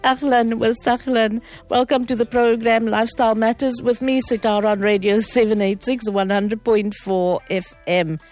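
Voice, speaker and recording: A woman's voice: on the high side, fairly even intonation, moderate pace, few pauses, darkish tone, faint music behind. A South African woman hosting a radio talk show, friendly and chatty, presenting from the studio microphone. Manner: friendly, chatty, greets in several languages.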